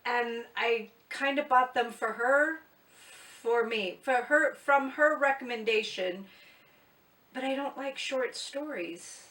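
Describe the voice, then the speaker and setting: A woman's voice: on the high side, slow, sharp tone. A woman talking casually in a book vlog, chatty and blunt, poking fun at herself. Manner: chatty, blunt, self-mocking. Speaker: booktuber. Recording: echoey room, mic at a distance.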